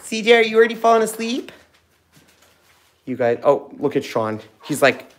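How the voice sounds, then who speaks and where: A man hosting a casual live stream at home, talking fondly to puppies with soft baby talk. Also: sits high, big pitch swings, normal speed, pauses often. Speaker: host of a live puppy stream.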